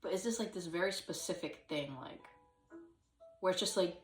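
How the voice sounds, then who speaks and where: A woman's voice: on the low side, moderate pace, recorded from a distance, soft background music. Rambling woman in an echoey room. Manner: rambling, hesitant, many fillers, sudden sung and acted bits. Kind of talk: casual solo vlog chat.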